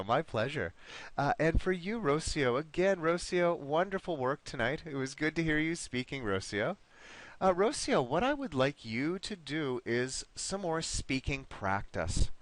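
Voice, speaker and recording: A man with a voice on the high side leads a live online English class, his intonation rising and falling in a lively, animated way. He's encouraging, calls on students by name, and slows down to model words clearly.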